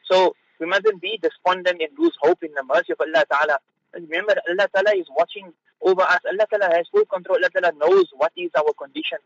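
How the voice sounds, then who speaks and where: A fairly high-voiced man delivers an unscripted religious talk, pausing often and repeating words as he gathers his thoughts. He sounds close to the mic in a dry studio, and the broadcast is a little dull and lo-fi. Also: fairly bright tone, no echo. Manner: halting, with fillers and repeated words. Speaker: mufti giving a religious talk.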